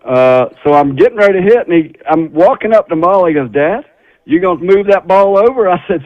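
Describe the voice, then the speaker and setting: A middle-aged man, a former tour golfer, telling a folksy, animated story as a guest on a radio talk show. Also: high-pitched, a little fast, dry recording. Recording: slightly dull radio sound.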